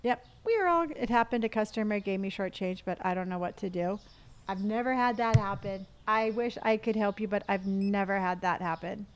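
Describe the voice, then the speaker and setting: A woman streams a game live, chatting casually, thanking viewers for gifts, and answering questions from chat while humming or counting money under her breath as she plays. Her voice is mid-range and clean-toned, at a normal speed.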